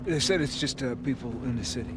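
A man voices a rough-edged Texan brother in a story game, talking bluntly in a Southern drawl at an ordinary pitch. Loud game noise fills the sound behind him. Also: quick pace, lightly acted. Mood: tense.

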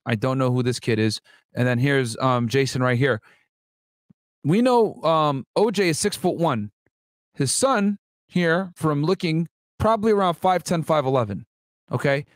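A man's voice: on the high side, normal speed, no echo, clean studio sound. A man, a former federal agent, giving casual, profane, joking commentary on a documentary.

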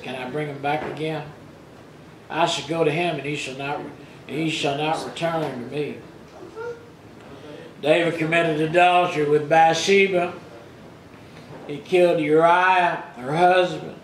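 A man preaching a sermon as pastor, retelling scripture in plain everyday speech and rising loud for the quoted rebukes. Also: on the high side, echoey room, slight background noise, rough recording.

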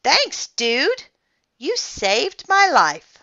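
A woman's voice: high-pitched, huge pitch swings, drawn-out words, bright, forceful tone, highs cut off, pitched above the performer's own voice, heavily acted. A woman reading aloud, voicing a laid-back male surfer dude who talks in an easygoing way. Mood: grateful, pleased.

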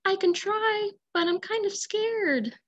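A woman's voice: very high-pitched, slow, voice pushed up. A woman voicing a small, timid hen who wants to play, speaking in a hesitant, unsure way over dull lo-fi audio.

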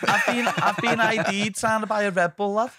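A man's voice: sits high, steady tone, normal speed, sharp tone, dry recording, clean studio sound. A young man with a Liverpool accent, hosting a casual chat and telling stories, laughing often and tagging his sentences with "lad". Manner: chatty, tags lines with "lad", laughs often. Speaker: podcast host.

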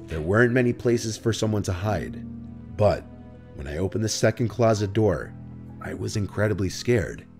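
Deep, steady male narrator for creepy first-person stories, music bed underneath. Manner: calm, measured storytelling. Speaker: horror story narrator. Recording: narration over background music.

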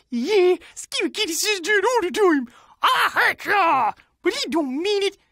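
A woman voicing a chatty, excitable cartoon cat who talks in playful broken grammar. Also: very high voice, dry recording, clean studio sound, exaggerated voice. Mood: excited. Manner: bubbly, sing-song, repeats her own names in rapid chants. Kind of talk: cartoon voice acting.

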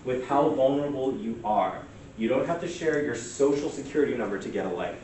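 A man presenting a church workshop, talking casually and animatedly with quoted asides. He sits at a mid pitch, picked up by a distant mic. The room echoes heavily. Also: lively intonation, normal speed.

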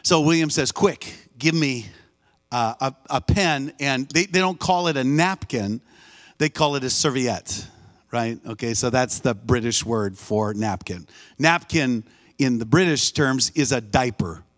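A man preaching a sermon in a church, telling a story with lively voices and calling out for the congregation's response. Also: mid-range voice, measured pace. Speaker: guest preacher. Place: church sanctuary, live service.

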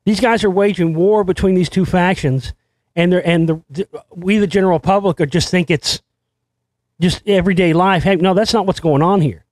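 A man hosting his own show, delivering a rambling, excitable monologue full of restarts and swearing. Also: sits high, normal speed, no room sound. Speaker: show host. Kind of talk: conspiracy commentary monologue.

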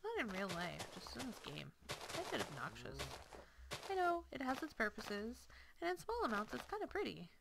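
Gamer girl chatting to her in-game cows, kinda high and very up-and-down, teasing and coaxing them. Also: big pitch swings, moderate pace, gravelly, noisy background. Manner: chatty, coaxing and scolding the game's animals playfully. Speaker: let's play host. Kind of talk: casual gameplay commentary.

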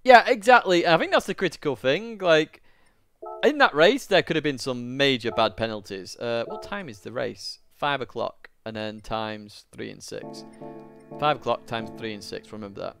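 A man's voice: mid-range voice, animated, normal speed, vocal fry, a bit bright, faint music behind. A man with a Northern English accent chatting casually on a live stream as he races, joking and greeting viewers by name. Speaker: sim racing streamer. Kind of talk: casual live-stream chat while racing.

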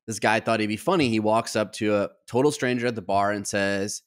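A man co-hosting a podcast, telling anecdotes with lively acted-out dialogue in a conversational way. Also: on the low side, fairly quick. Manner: animated anecdotal storyteller, acts out quoted dialogue. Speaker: podcast co-host.

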